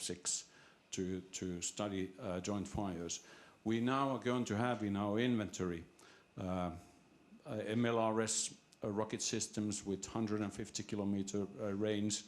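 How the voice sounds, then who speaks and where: Guy asking a question at a seminar, lowish voice, keeps restarting, lots of uhs. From Finland. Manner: halting, many restarts and fillers. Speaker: audience member asking a question.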